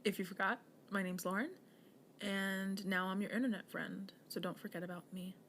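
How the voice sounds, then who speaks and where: A young woman from the United States hosting her own podcast, talking earnestly and encouragingly, sometimes dropping to a soft near-whisper. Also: medium pitch, flat delivery, normal speed, a little hiss or hum. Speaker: podcast host. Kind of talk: solo podcast monologue with affirmations.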